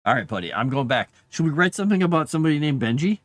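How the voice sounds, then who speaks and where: A man streaming from his desk while he writes, chatting casually and trailing off into thought. His pitch moves around a lot, lifting and dropping from phrase to phrase. Now and then he turns to soothe and coax his dog. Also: big pitch swings, rapid-fire, no echo. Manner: talks softly to his dog between musings. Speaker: author streaming live writing. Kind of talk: casual live-stream chat.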